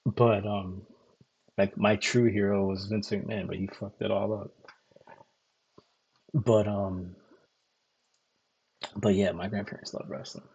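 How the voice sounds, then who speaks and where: This Connecticut streamer host speaks at a fairly low pitch, slowly and flatly, pausing often, his darkish voice slightly rough on a muffled recording. His casual monologue wanders on, profane and repetitive, packed with "like" and "um."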